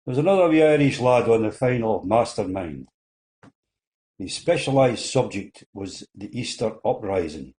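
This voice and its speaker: Older Scottish man telling jokes, mellow voice. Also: lowish voice, animated, normal speed, slight background noise. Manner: folksy storyteller doing little character voices. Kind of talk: seated joke telling.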